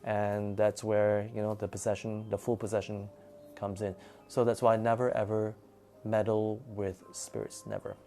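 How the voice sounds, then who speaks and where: A man's voice: lowish voice, level tone, normal speed, mellow, soft background music. Rambling man telling a story. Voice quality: rambling, filler-heavy delivery with frequent restarts. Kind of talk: casual personal storytelling.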